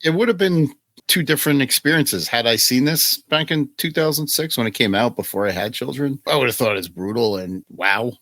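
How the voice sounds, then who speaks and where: A man's voice: mid-range voice, brisk, fairly bright tone, dry recording. A man co-hosting a podcast, earnestly retelling film scenes with heartfelt, casual storytelling. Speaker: guest co-host. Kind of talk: casual film review chat.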